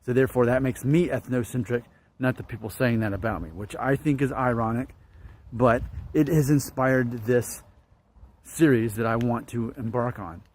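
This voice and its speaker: A man's voice: medium pitch, moderate pace, a little mellow. A man in his late thirties from northern Alabama, talking through his thoughts in a casual, musing monologue for his viewers. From northern Alabama, United States. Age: late 30s. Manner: musing, repeats himself, trails off. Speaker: vlogger.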